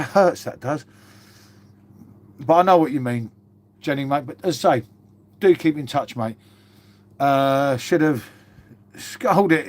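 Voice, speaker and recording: A chatty British man hosts a live stream from home, with a fairly high voice for a man. He swears freely and keeps calling the viewers "mate" as he answers their comments. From Britain. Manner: chatty and matey, swears a lot, says "mate" constantly.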